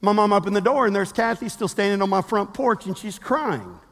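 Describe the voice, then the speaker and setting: A pastor in his fifties preaching a sermon with animated storytelling, acting out the quotes he tells. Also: high-pitched, brisk, big-room sound.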